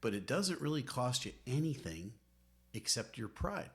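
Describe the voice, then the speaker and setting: Speaking at a normal pace with a medium pitch, a middle-aged man delivers his podcast co-hosting lines in a sing-song way. His marriage-counselor advice is earnest, emphatic and preacherly, shared as conversational teaching.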